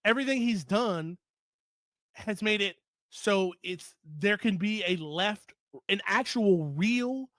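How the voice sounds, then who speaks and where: High-voiced man in heated commentary. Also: sharp tone, dry recording. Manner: heated, emphatic, repeats points for stress. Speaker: political commentator. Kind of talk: opinionated commentary monologue.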